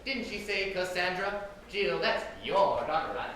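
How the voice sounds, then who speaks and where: A man playing a bumbling male beauty pageant announcer in a community stage play, jokey and excitable. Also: high voice, a little slow. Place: theater stage. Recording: echoey hall, distant and noisy.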